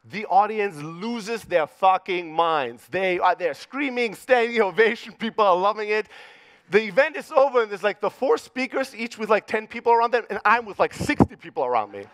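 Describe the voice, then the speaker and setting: A man's voice: sits high, expressive, moderate pace, a bit bright, no echo. A middle-aged man from Greece with a Greek accent, giving a keynote at a conference with punchy, profane storytelling and acted-out dialogue. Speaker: conference speaker. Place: conference stage.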